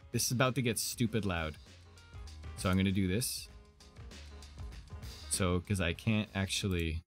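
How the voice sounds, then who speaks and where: A man streaming from home, chatting casually and getting excited at every turn. His pitch leaps up and drops back constantly as he gushes. Faint anime music plays behind him. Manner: excitable, gushing. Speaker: game streamer. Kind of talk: casual live-stream chat.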